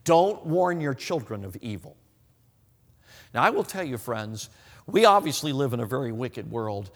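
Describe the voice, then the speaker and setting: Emphatic preacher in a reverberant hall. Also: male voice, medium pitch, very animated, moderate pace. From United States. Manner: emphatic, repeats points, addresses the crowd as friends. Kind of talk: sermon.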